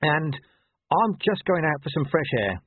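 A man voicing a gruff, weary male watch commander who speaks bluntly and awkwardly. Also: a little high, big pitch swings, a little slow, dry recording, voice pushed up, full character voice. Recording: tinny phone-like dry sound.

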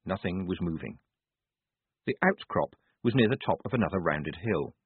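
Male audiobook narrator, lively pitch, husky voice, tinny phone-like sound. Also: normal speed, no room sound. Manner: expressive storytelling. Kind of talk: scripted narration.

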